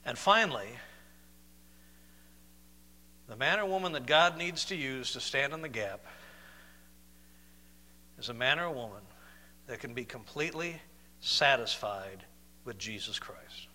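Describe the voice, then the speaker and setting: A man preaching a sermon, moving between loud, emphatic declarations and soft, slow, questioning passages. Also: mid-range voice, animated, in a large hall.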